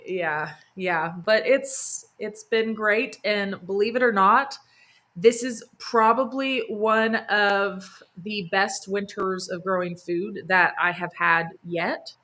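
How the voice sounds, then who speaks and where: A woman hosts a live gardening stream from home, talking in an eager, chatty way full of little fillers and laughter. Her voice is bright and forward. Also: mid-range voice, takes it slowly. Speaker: gardening host. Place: home near a sunroom.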